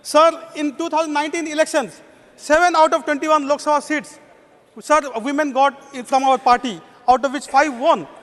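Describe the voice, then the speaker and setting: High-voiced Indian man addressing parliament. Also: fairly even intonation, normal speed, fairly bright tone. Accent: Indian English. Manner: formal, says "sir" constantly. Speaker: member of parliament. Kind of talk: parliamentary speech. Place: parliament chamber. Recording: long echo of a large chamber.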